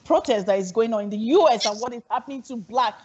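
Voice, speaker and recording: A woman hosts a talk show and keeps the conversation moving, affirming her guests. Her voice is fairly high and husky, and the sound is dull and lo-fi. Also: fast, darkish tone.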